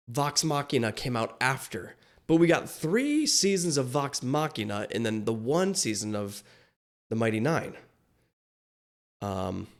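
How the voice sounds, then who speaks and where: Casual swearing man reacting to a show. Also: medium pitch. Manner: rambling, swears freely, asks many questions. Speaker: reaction video host.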